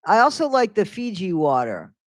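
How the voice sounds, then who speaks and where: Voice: mid-range voice, wildly swooping pitch, moderate pace, dry recording. Chatty, rambling live-stream host, dry sound. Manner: rambling, chatty, hops between topics. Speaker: livestream host. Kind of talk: casual live-stream chat, reading viewer comments aloud. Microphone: new microphone.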